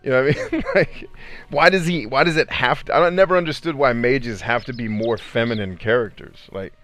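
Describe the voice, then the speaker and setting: A man casually chatting with viewers on a live game stream, animated, laughing often and swearing freely. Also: medium pitch, a little fast. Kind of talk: casual live-stream chat while gaming.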